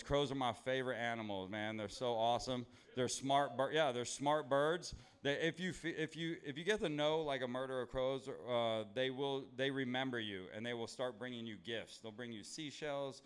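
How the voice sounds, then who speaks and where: Smooth-voiced profane stand-up comic. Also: male voice, mid-range voice. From Los Angeles, USA. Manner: rambling, profane, self-deprecating. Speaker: stand-up comedian. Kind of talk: stand-up comedy with crowd work. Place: comedy club stage with live audience.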